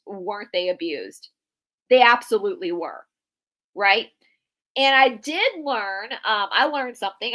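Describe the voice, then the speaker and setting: A woman's voice: a little high, sharp tone, rough recording. A woman co-hosting a casual chat, telling a story earnestly and emotionally, with frequent restarts. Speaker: podcast co-host. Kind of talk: casual chat about a news case.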